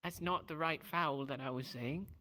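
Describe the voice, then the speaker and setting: A roleplay player, talking in a soft, hesitant way with many fillers. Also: medium pitch, normal speed. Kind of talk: casual roleplay chat.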